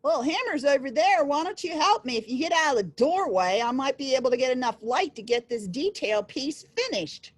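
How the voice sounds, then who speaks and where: A woman's voice: high voice, lively intonation, fairly quick, few pauses, dry recording, voice pushed up. Woman doing a sly teasing blacksmith. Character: mischievous old blacksmith man, sly.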